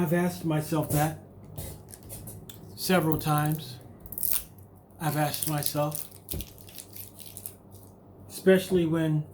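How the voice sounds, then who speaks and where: A man's voice: a little high, a little mellow, slight background noise. A man delivering a motivational monologue, hammering home repeated rhetorical questions and speaking candidly about his own struggles. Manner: repetitive, emphatic rhetorical questions. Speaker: motivational video host.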